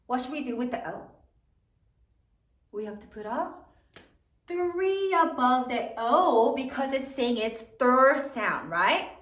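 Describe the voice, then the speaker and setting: A woman teacher leading a spelling lesson for children, sounding out each syllable slowly and clearly. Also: sits high, expressive, fairly bright tone, far from the mic. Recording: roomy, from away from the mic.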